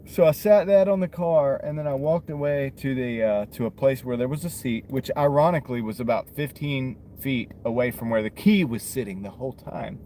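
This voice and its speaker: A man's voice: mid-range voice, a little fast, few pauses, mellow. Chatty man live-streaming from his car. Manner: rambling, chatty, reads out orders and answers chat. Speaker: delivery driver streaming live. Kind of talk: casual live-stream chat while driving. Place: inside a car. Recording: noisy car interior.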